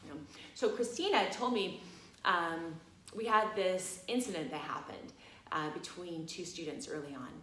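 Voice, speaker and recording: Recorded in an echoey room, a woman with a fairly low voice speaks at normal speed as she teaches at a massage college. She tells a story casually and animatedly, with bursts of laughter and plenty of fillers like "you know".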